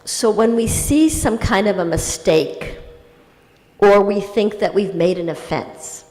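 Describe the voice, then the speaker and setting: A woman spiritual teacher answering a question in a gentle, conversational devotional talk, acting out inner voices as she goes. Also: medium pitch. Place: temple hall. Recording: reverberant hall.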